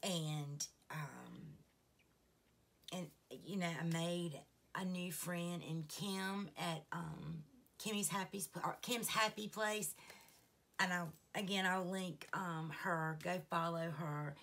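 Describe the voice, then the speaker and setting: A woman chats to her viewers in a low, unhurried voice. Her tone carries a gravelly fry, and she drifts through her thoughts in a heartfelt, rambling way, laughing at herself as she goes. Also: a bit bright, a little hiss or hum. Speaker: vlogger. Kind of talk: casual chat to camera.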